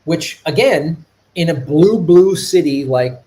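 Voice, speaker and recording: A man's voice: a little high, slow, poor audio. A middle-aged man from Chicago hosting a live stream, talking in a casual, rambling way with many restarts. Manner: animated, rambling, with repeated restarts. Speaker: podcast host.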